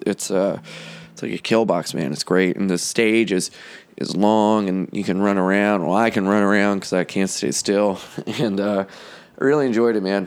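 A man's voice: lowish voice, clean tone. A man hosting a podcast, telling loose, profane stories from the road in a casual chat. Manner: loose and profane, breaks into sung lines and mock voices. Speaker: podcast host and comedian.

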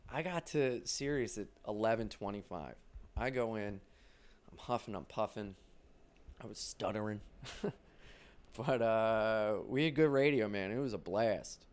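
A man's voice: lowish voice, darkish tone, clear, resonant tone. A man, a comedian, telling rambling stories in a casual monologue, swearing a lot and acting out quotes. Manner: profane, rambling, quick bursts, acts out quotes. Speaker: stand-up comedian.

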